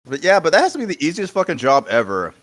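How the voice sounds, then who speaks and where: A man's voice: on the high side, wildly swooping pitch, fast talker, very noisy. A man co-hosting a podcast in casual banter, crude and rambling, laughing between lines. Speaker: podcast co-host.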